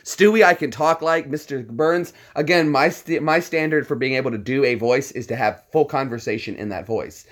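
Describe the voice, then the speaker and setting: A man's voice: medium pitch, moderate pace, hardly any pauses. A man chatting casually and playfully about doing cartoon voices, with a stuffy nose and frequent laughter. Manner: playful, jumps between put-on voices, laughs often. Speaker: channel host. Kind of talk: casual chat doing impressions.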